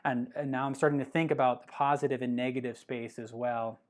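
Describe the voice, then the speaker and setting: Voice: medium pitch, brisk. Art instructor, live drawing demonstration, thinking aloud, chatty, many fillers. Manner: relaxed and chatty, with many fillers and self-corrections.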